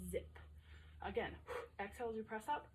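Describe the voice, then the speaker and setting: A woman's voice: medium pitch, takes it slowly, slightly rough. A woman in her thirties coaching a home workout while exercising along, chatty and upbeat, out of breath, cueing moves between breaths. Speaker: fitness instructor.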